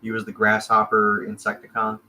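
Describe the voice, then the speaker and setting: A man's voice: on the low side, completely flat delivery, fairly quick, bright, forceful tone, low-quality recording. An American man co-hosting a casual chat show from his home, rambling easygoing talk with many fillers. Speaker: podcast co-host. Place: home room with 3D printers.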